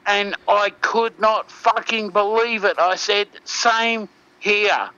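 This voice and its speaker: A man's voice: high voice, steady tone, slow, bright, forceful tone, clear, resonant tone, lo-fi sound. An Australian man co-hosting over an internet call, chatting casually with profanity and many fillers. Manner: profane, meandering, lots of fillers. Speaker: co-host calling in. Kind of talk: casual chat.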